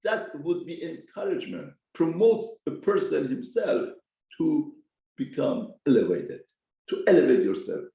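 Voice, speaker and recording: A man's voice: fairly high pitch, unhurried, gravelly. A man with a Persian accent, a native Persian speaker, giving a short ethics lesson and acting out the quotes he tells. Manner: animated, acts out quotes, mixes Hebrew terms into English. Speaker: rabbi teaching a class. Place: study hall. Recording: echoey room.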